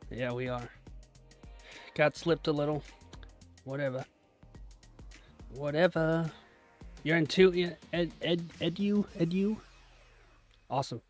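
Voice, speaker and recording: A man's voice: a little high, unhurried, long pauses, soft background music. A man live-streaming his day trading from a small closet, chatting casually and joking with viewers, laughing often.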